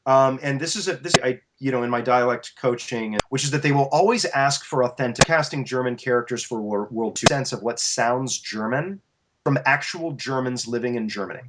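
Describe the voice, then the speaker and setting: A voice actor and coach giving advice as an interview guest, animated and explanatory, restarting his sentences often. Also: mid-range voice, normal speed, heavy background noise.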